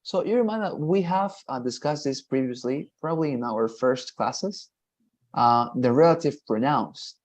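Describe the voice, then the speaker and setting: A man's voice: mid-range voice, lively intonation. Male English tutor, encouraging, patient explainer, mid-range voice. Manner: encouraging, repeats praise, explains slowly. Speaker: English teacher. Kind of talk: one-on-one online lesson.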